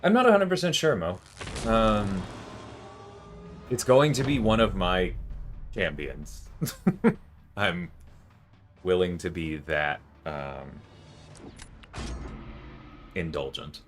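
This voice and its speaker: A man's voice: low voice, sing-song, slow, pauses often, faint music behind. A man casually chatting with viewers on a game livestream, laughing often and explaining game mechanics. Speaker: livestream gamer.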